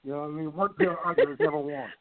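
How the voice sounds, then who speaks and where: A middle-aged man telling long rambling stories in a casual, animated way. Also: a little high, rapid-fire, no room sound. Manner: rambling, animated, repeats himself. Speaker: guest. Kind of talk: casual storytelling. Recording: tinny dry call line.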